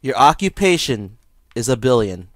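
A young man calmly mocking an opponent in an online game voice chat, sarcastic and amused. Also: mid-range voice, moderate pace, no room sound. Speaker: gamer and video maker.

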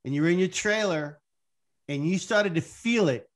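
A man's voice: high-pitched, moderate pace. A man co-hosting a podcast, chatting casually in an effusive, teasing way with plenty of swearing. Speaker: podcast co-host. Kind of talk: casual chat.

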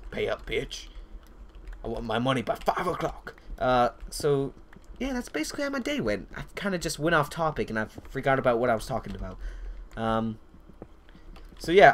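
A man's voice: medium pitch, slight background noise. A man chatting casually over his gameplay, rambling off topic with lots of swearing. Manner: rambling, profane, off-topic storytelling. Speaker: gameplay commentator. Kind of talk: casual let's-play commentary.

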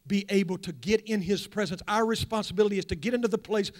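A pastor with a notably high voice delivers a sermon in a church. He drops into quiet, confiding asides, then builds and rises to loud, ringing declarations. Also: fast talker. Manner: swings from hushed asides to loud rising preaching. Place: church sanctuary.

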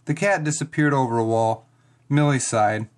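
A reader narrating a first-person children's chapter book, expressive and dramatic. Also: mid-range voice, normal speed. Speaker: audiobook reader.

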